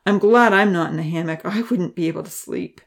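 Woman narrator plays a jittery, timid boy, halting and thoughtful; low gravel. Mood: nervous. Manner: hesitant, thoughtful. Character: timid boy Ponzi, nervous.

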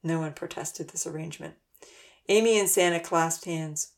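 A woman narrating a children's storybook aloud in a steady, gentle way. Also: low voice, normal speed, gravelly.

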